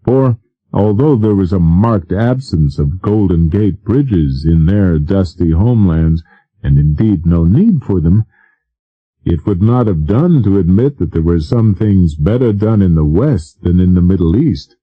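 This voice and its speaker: Deep-voiced male audiobook narrator. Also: expressive, a little slow, dry recording, narrow, tinny audio. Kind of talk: scripted narration.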